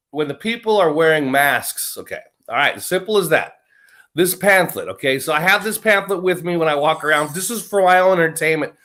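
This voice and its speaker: American man, slightly high-pitched, loose rambling talker who laughs through his sentences. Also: fairly bright tone. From United States. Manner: rambling, joking, laughs often mid-sentence. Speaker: guest. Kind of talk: casual chat. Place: lives in Britain.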